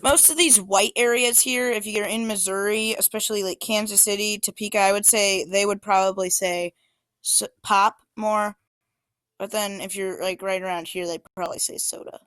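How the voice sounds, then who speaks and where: A woman walks through a set of maps in an easygoing, informal way, often pausing on fillers and restarting her sentences. Her voice is smooth and clear. The recording is dry and close. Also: mid-range voice, steady tone, fairly bright tone, no echo. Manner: informal, hesitant, many fillers. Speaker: student presenter. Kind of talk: casual class presentation.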